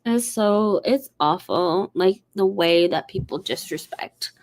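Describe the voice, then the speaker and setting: A woman's voice: fairly low pitch, slow. A woman hosting a livestream, chatting casually and rambling through a story with lots of fillers. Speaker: host. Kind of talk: casual chat.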